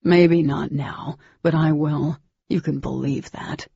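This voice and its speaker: A woman's voice: low-pitched, steady tone, slow, vocal fry, mellow, breathy edge, no room sound, dull audio, heavily acted. A woman voicing a young male alien hero, cocky, sarcastic and protective, who talks with defiant intensity. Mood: intense.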